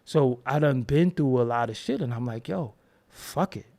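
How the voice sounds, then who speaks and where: A man's voice: medium pitch, moderate pace, a little mellow. A man hosting his own channel, talking in a casual, profane, rambling monologue and acting out quoted voices as he tells stories. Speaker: host.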